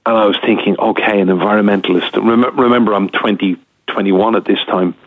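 A man's voice: on the low side, fairly even intonation, a little fast, no room sound. A man in his fifties, a news reporter and guest, chatting and telling anecdotes on the radio. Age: 50s. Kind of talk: casual storytelling on radio. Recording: husky, tinny phone line.

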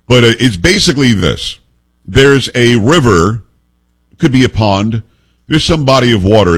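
A man hosting a call-in talk radio show, telling stories in an emphatic, animated way. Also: medium pitch, breathy edge.

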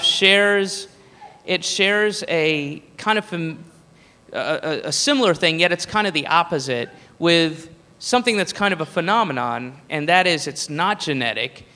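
A man's voice: fairly high pitch, bright, forceful tone, big-room sound. A man doing stand-up comedy, rambling, profane and emphatic. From Southern United States.

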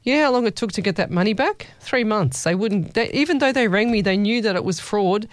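A woman's voice: mid-range voice, expressive, brisk, no echo. A woman hosting a radio show, chatting playfully with listeners and calling them lovey. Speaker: radio host. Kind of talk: casual chat reading listener messages.

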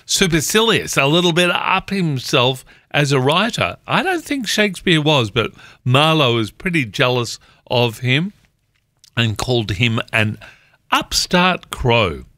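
Male radio host, slow unhurried delivery, bright tone, lively pitch, dry studio sound. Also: no room sound. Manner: playful, reading jokes aloud. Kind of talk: community radio show hosting.

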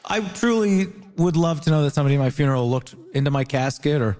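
A man from Ontario doing stand-up and panel banter in a wry, deadpan, self-mocking way. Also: fairly high pitch, quick pace, in a large hall.

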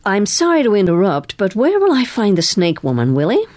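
A woman's voice: medium pitch, huge pitch swings, fairly quick, a little mellow, voice pushed up. A woman voicing a shrewd, genteel older lady amateur spy in an audiobook. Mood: polite.

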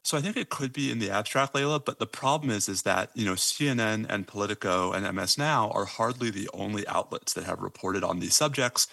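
A man giving measured, explanatory legal analysis as a guest in a radio news interview. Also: fairly low pitch, creaky, sharp tone, dry recording.

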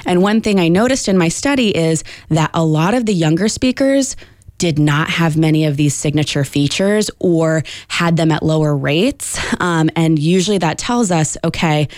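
Low-voiced woman linguist explaining. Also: moderate pace, a little mellow, no room sound, studio quality. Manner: articulate, teacherly, with fillers. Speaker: linguist, interview guest. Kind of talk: interview explanation.

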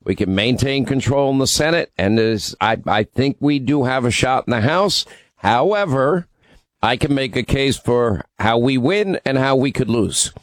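A man's voice: mid-range voice, lively intonation, normal speed, dry recording. A man hosting a political talk radio show, opinionated and emphatic, taking calls and teasing callers. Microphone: studio microphone.

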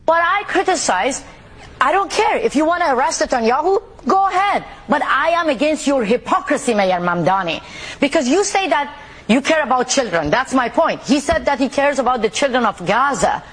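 High-voiced indignant woman activist. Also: very animated, normal speed. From Iran. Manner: forceful, indignant, insistent. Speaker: activist guest. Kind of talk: TV interview.

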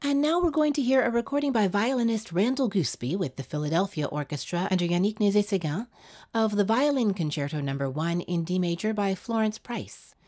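A woman hosting a classical music radio program, announcing recordings in a measured, articulate way. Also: mid-range voice, expressive, a little mellow.

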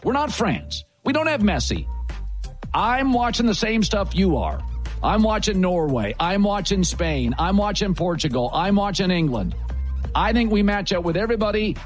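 A man's voice: high-pitched, big pitch swings, normal speed, soft background music. A man hosting a sports talk show, blunt and emphatic in his opinions.

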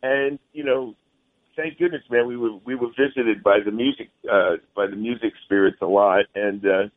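A male musician being interviewed by phone talks at a moderate pace in a fairly low, steady voice. His manner is friendly and rambling, with frequent use of "man."

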